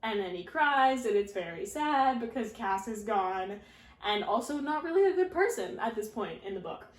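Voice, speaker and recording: A woman chatting through a recap in a loose, rambling way, with "like" in nearly every phrase and dry, sarcastic asides. Her voice sits at an ordinary middle pitch. The room around her adds a clear echo. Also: lively intonation, normal speed. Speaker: video essayist recapping a fanfiction. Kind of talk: casual recap.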